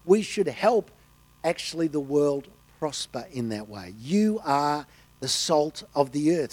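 A man's voice: fairly high pitch, darkish tone, no room sound. A man preaching a sermon, telling stories and delivering quotes with emphasis. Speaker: pastor.

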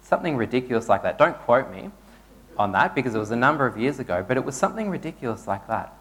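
A man's voice: medium pitch, very animated, quick pace, a bit bright. A man, a pastor giving a conversational sermon and telling stories to his congregation in a church. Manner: conversational storytelling preacher.

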